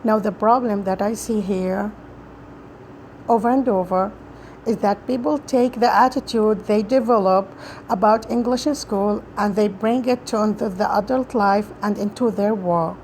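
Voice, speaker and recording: A woman reciting a prepared talk for practice, pausing and restarting often and making small grammar slips. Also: mid-range voice, darkish tone, slight background noise, rough recording. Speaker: student practicing a speech.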